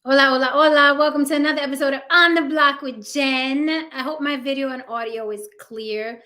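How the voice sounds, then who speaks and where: A woman's voice: high voice, fairly even intonation, a little fast, sharp tone. A woman hosting her own live-stream talk show, chatting casually with many ums and "right?" asides, her voice a little worn. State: slightly losing her voice. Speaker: host.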